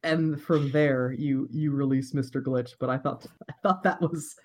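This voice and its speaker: A podcast co-host in casual chat, talking haltingly with restarts and short agreeing replies. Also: mid-range voice, fairly even intonation, a little mellow. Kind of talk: casual chat about a video game.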